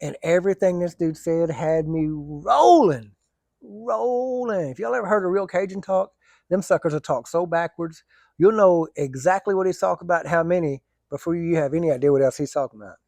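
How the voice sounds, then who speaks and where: A man spins rambling, colloquial stories for his vlog, laughing often along the way. His voice sits a bit high with a gravelly grain. The recording is close and dry. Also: moderate pace, a little mellow, dry recording. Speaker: vlogger. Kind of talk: casual storytelling.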